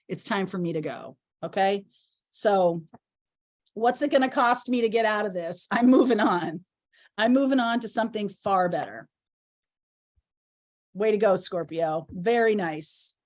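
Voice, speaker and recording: A woman talks through a tarot spread in a loose, chatty way, thinking aloud and cheering the listener on. Her voice sits at an ordinary middle pitch for a woman. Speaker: tarot reader. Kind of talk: casual tarot reading to camera. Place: home in Maine.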